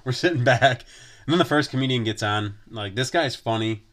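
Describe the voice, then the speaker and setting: A man's voice: medium pitch, brisk, a bit bright. Profane, rambling man telling a story. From Wisconsin. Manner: profane, rambling, lots of filler words. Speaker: podcast host. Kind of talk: casual storytelling chat.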